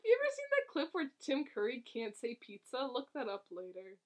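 A woman's voice: high-pitched, huge pitch swings, fairly quick, a little mellow. Rambling, giggly woman recapping a movie. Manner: rambling, giggly, lots of fillers and self-interruptions. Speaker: podcast co-host recapping a movie. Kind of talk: casual chat.

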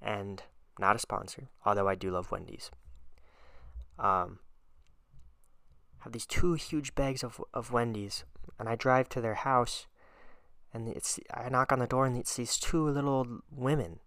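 A man hosting a podcast alone, telling casual stories in a chatty, animated way and laughing often. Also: mid-range voice, a little slow, long pauses, dry recording, clean studio sound. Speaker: podcast host. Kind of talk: casual storytelling monologue.

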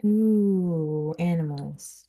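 A young woman co-hosting a podcast, relaxed and laughing in casual chat. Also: on the low side, very slow, phone-quality sound. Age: young adult. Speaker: podcast co-host.

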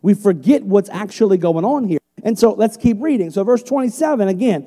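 Middle-aged male pastor, high mellow voice, passionate sermon in a reverberant hall. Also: lively intonation, brisk, hardly any pauses. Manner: passionate, swings from loud emphatic peaks to quiet storytelling.

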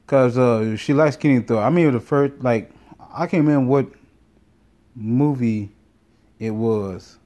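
A man's voice: mid-range voice, measured pace, pauses often, dark tone. A man telling a casual, rambling story full of swearing and self-corrections. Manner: rambling, profane, self-interrupting. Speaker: vlogger.

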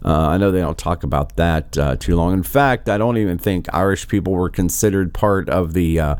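A man's voice: low-pitched, brisk, a little mellow, clean tone, dry recording, studio quality. A man giving casual political commentary, rambling and exasperated, with a sarcastic edge. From United States.

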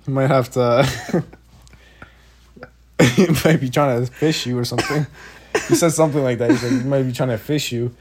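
A man's voice: mid-range voice, normal speed, long pauses, a little hiss or hum. A man telling a funny story in casual chat, swearing a lot and acting out what people said. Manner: animated, laughing, acts out quotes, swears a lot.

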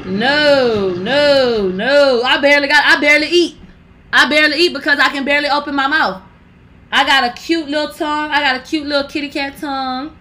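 Brash loud-mouthed young woman. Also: sits high, fairly even intonation, moderate pace, slight background noise. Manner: loud, brash and profane, talking to viewers. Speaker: commentary vlogger. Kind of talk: casual gossip commentary.

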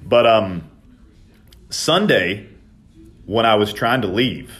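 A man telling a profane, animated story in casual podcast chat, shouting out the quoted lines. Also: fairly low pitch, slow pace. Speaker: podcast co-host.

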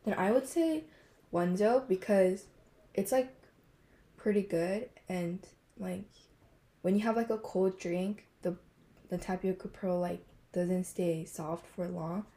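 A teenage girl co-hosts a casual podcast, talking in an unhurried, halting way. She fills her sentences with pauses and small fillers. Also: lowish voice, warm tone. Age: teens. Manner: slow, hesitant, many fillers and giggles. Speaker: podcast co-host. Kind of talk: casual chat.

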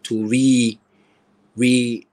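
A man chatting slowly and thoughtfully on a video call as a guest musician. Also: medium pitch, flat delivery, darkish tone, poor audio. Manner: slow, thoughtful, restarts and fillers. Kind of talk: casual interview chat.

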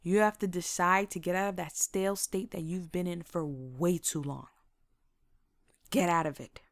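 A young woman casually telling her own stories in a lively, motivational way, laughing often and acting out what she said back then. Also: lowish voice, moderate pace, dry recording, studio quality. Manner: faith-inflected, motivational.

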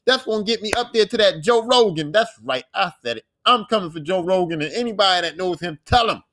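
A man's voice: high-pitched, animated, a little fast, a bit bright, a little hiss or hum. A young man hosting his own podcast, talking in a loose, rambling and profane way, with boastful asides. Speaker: podcast host. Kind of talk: casual solo podcast monologue.

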